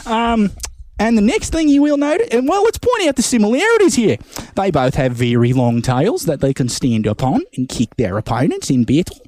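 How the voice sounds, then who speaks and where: A man's voice: high-pitched, wildly swooping pitch, moderate pace, a little mellow, dry recording. A man impersonating a cheerful young Australian wildlife presenter with an Australian accent, showing animals to a talk show audience. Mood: chipper.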